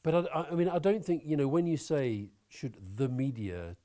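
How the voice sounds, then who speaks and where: A man talking as an interview guest, opinionated and animated, swearing now and then. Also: fairly high pitch, moderate pace. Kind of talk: conversational interview.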